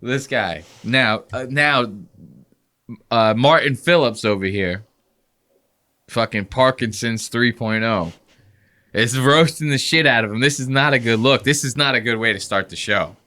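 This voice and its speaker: Profane, animated man hosting a podcast. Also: mid-range voice, a little slow. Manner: profane, animated storytelling with mock impressions. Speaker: podcast host. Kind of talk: casual podcast banter.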